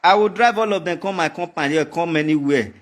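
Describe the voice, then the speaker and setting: A man's voice: a little high, a little fast. A man with a Nigerian accent giving a heated monologue to the camera, taunting and mocking, repeating his threats over and over. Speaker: vlogger.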